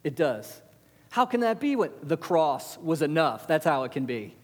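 A man preaching a sermon, animated, asking the congregation rhetorical questions and answering them. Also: fairly high pitch, moderate pace, long reverb tail.

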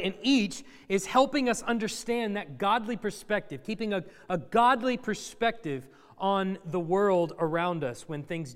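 A man preaching a sermon to a congregation, conversational with dry sarcastic humor. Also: high-pitched. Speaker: pastor. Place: church sanctuary. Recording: long reverb of a church hall.

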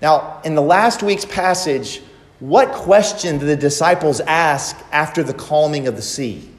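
Slow, emphatic preacher in a reverberant hall. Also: male voice, on the high side. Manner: emphatic, repeats phrases for effect, drawn-out pauses. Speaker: pastor. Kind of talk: sermon. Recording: long reverb of a large hall.

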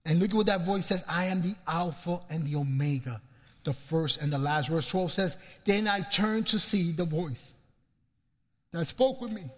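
Fervent high-voiced preacher in a reverberant hall. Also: male voice. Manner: fervent, slows and swells on scripture lines. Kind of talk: sermon.

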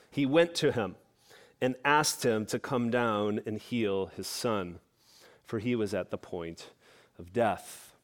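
A middle-aged man preaching a sermon, explaining scripture in an earnest, conversational way with casual asides. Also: mid-range voice. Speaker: pastor.

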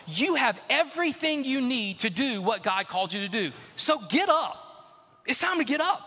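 High-energy preacher man, bright voice. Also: big-room sound. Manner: energetic, exhorting, shifts from shouting to hushed storytelling. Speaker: pastor. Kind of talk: sermon.

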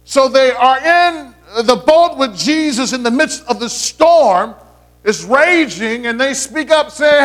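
Male pastor, high-pitched, chatty sermon delivery with restarts. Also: lively intonation, slow pace, a bit bright. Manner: conversational preaching with playful asides and repeated restarts.

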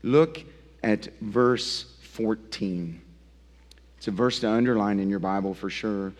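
A male pastor preaching a sermon, emphatic and swinging from loud to hushed, often asking his listeners direct questions. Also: fairly low pitch, slow pace. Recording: long reverb of a large hall.

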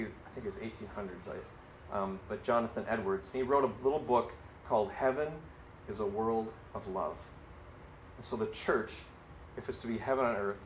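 A man's voice: mid-range voice, reverberant, slight background noise. A man preaching a sermon as the church's pastor, talking in an earnest, casual way that often corrects itself mid-sentence. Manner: conversational, self-correcting, earnest.

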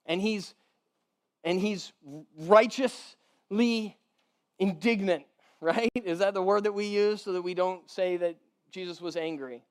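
A male pastor preaches in an easy, chatty way, with a voice pitched noticeably high for a man. He repeats words as his thoughts catch up, laughs lightly between points, and keeps turning to his listeners with a quick "right?". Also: clean tone. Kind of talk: conversational sermon.

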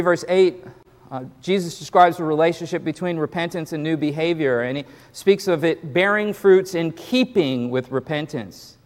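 A man's voice: a little high, in a large hall. A male pastor preaching a sermon in a casual, conversational way, often repeating words as he builds his points.

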